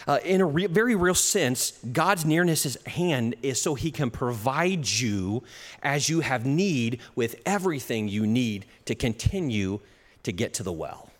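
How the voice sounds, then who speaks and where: A man preaching a sermon in a church hall, with an animated delivery. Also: medium pitch, measured pace. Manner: animated, acts out little quoted exchanges, chuckles at his own jokes. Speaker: pastor. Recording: long hall reverb.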